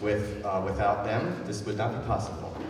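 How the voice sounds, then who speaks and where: A man's voice: on the low side, fairly even intonation, normal speed. A chatty man thanking all in an echoey hall. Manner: chatty, self-deprecating, a little emotional. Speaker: school music director. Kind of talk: thank-you speech at a school concert. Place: concert hall. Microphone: far from the recording mic. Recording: echoey hall from far off, crowd noise.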